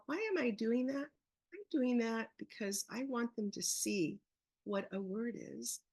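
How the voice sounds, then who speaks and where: A woman's voice: mid-range voice, creaky, no echo. A woman leading a webinar on early reading, walking through her teaching step by step and asking questions she then answers herself. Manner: explains step by step, asks questions and answers them.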